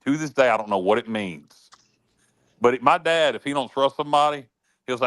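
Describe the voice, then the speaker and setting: A man hosting a sports talk show, telling folksy sayings with many halting restarts. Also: medium pitch, a bit bright, no echo. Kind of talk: casual chat.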